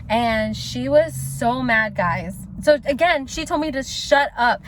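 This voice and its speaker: A woman with a high voice and a swooping, lively pitch tells a personal story in a casual vlog. She talks in slang, acts out her own past lines and laughs often. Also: a little slow, hardly any pauses, noisy background. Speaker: vlogger telling a personal story.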